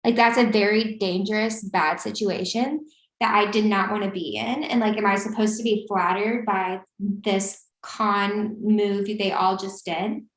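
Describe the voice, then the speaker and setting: A woman in her twenties telling a story in casual chat, acting out the voices of the people she quotes. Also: measured pace. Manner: animated, acts out quoted lines with rising pitch. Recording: roomy echo.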